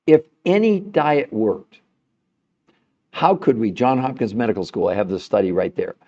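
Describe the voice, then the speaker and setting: This man's voice is mid-range, gravelly, and dark-toned, captured with lo-fi sound. Hosting a live health stream, he delivers a heated monologue full of indignation, disbelieving laughter, and rhetorical questions aimed at his viewers.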